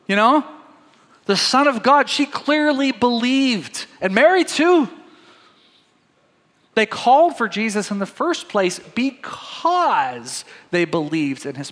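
In a large hall, a man with a high, fairly bright voice preaches a sermon. The pastor reads scripture aloud and talks it through conversationally, calling his congregation "guys."

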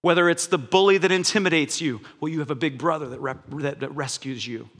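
A male pastor preaches in a high, bright voice with a lively, conversational manner. His words ring out through a church sanctuary with a long reverb. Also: a little fast. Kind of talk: sermon.

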